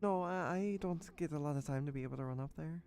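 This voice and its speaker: A man's voice: fairly high pitch, fast talker, darkish tone, faint music behind, lightly acted. A man putting on a cheerful Irish fortune-teller woman. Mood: friendly.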